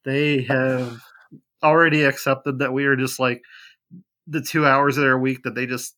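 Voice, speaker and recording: Bright-voiced giggly podcast host man. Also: mid-range voice, little pitch movement, moderate pace. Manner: rambling, giggly, says "like" a lot. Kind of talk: casual podcast chat.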